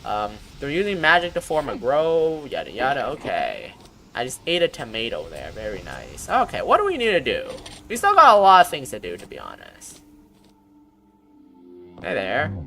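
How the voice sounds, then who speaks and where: A chatty woman streaming a game with a low voice that swings widely in pitch. Her tone is bright and she breaks into sudden squeals and casual swearing. Faint music plays underneath. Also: wildly swooping pitch, moderate pace. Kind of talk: casual gameplay commentary.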